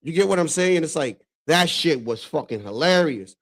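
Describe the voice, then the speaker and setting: A man from the Dominican Republic hosts a casual stream, reacting to clips. His voice sits a bit high for a man, and he talks loosely and excitably, swearing freely and breaking into laughter. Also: normal speed. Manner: profane, excitable, laughs often.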